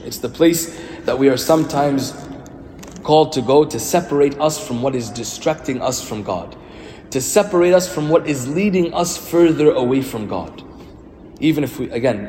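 A man's voice: medium pitch, darkish tone, slight background noise. A man, a priest giving a sermon in a conversational storytelling way with rhetorical questions. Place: church. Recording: reverberant church hall, faint ambience.

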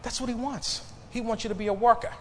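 A male pastor preaching a sermon to his congregation, building emphasis and pausing for responses. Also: very high voice, fairly even intonation, a bit bright, big-room sound. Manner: preaching with rising emphasis and call-and-response pauses. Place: church sanctuary.

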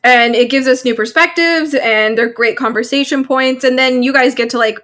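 Young woman, podcast co-host, casual chat, upbeat and filler-heavy, fairly high voice. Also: normal speed, fairly bright tone. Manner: chatty, enthusiastic, with many fillers. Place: Vancouver.

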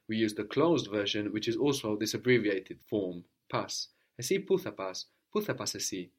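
A man's voice: on the low side, animated, normal speed, hardly any pauses. Patient man teaching a language. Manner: patient, prompting questions, explaining grammar. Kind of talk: language lesson with a student.

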